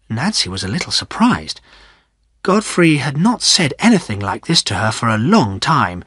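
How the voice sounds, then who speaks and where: Guy narrating an easy english storybook, mid pitch, dry close sound. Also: sing-song, normal speed, a bit bright, husky, no room sound. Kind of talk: graded reader audiobook narration.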